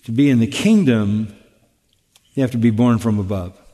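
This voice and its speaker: A man preaching an expository sermon, emphatic and deliberate, asking rhetorical questions and repeating key phrases. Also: medium pitch, mellow, in a large hall. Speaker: pastor.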